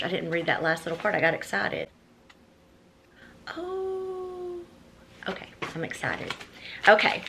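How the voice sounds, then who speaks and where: Woman vlogger, thirties, bright punchy voice, excitable unboxing chatter. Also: mid-range voice, slight background noise. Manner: gushing, exclamatory, says y'all often. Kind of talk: casual unboxing chat.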